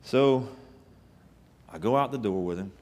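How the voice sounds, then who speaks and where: A man's voice: fairly low pitch, a little slow, a little mellow. A man preaching a sermon, telling stories in a folksy, emphatic way with rising bursts. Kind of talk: sermon with storytelling.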